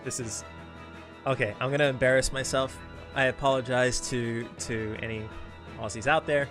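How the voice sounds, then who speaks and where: Brief: chatty man live-streaming a game, mid pitch, self-deprecating asides. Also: steady tone, moderate pace. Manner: rambling, self-deprecating, many restarts. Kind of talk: casual live-stream chat while reading game dialogue. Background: game music.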